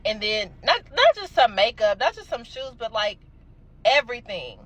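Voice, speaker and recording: A young adult woman telling a casual storytime, animated and emphatic, swearing freely. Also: on the high side, moderate pace, muffled recording.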